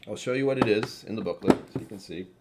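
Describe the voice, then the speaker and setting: A man's voice: lowish voice, fast talker, gravelly, background noise. A man hosting a whiskey tasting livestream, chatting casually with viewers in a wry, self-mocking way.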